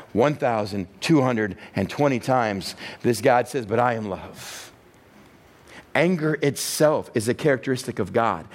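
A man with a Texan accent preaching a sermon as pastor, swinging between quiet, low passages and raised, emphatic ones. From Texas. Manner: animated preaching, rising and falling in pitch and force.

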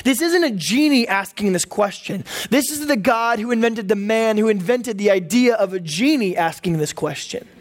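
A pastor preaching a sermon, animated and humorous, with comic asides to the congregation. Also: medium pitch, normal speed, hardly any pauses.

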